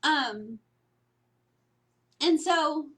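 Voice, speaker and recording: High-pitched lady doing casual spiritual coaching, rambly, keeps saying right?. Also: lively intonation, drawn-out words, bright, forceful tone. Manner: meandering, repeats phrases, often asks "right?". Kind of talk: casual motivational talk.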